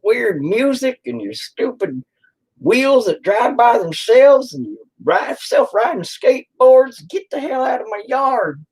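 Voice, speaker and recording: A man putting on the voice of a cranky old man who yells at kids, shrill and crotchety. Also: animated, slow, breathy edge, full character voice, low-quality recording. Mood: ranting.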